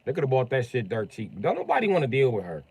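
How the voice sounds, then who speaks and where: A man's voice: medium pitch, huge pitch swings, quick pace, darkish tone, husky, dry recording. A man streaming gameplay, chatting casually and rambling with lots of profanity. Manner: profane, rambling, tosses in "you know what I mean".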